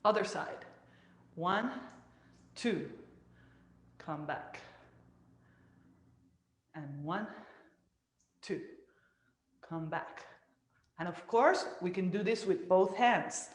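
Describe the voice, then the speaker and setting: A woman teaching a dance class, cueing moves and counting out loud as she demonstrates. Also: fairly low pitch, extremely slow, long pauses, reverberant. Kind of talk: live online dance class instruction.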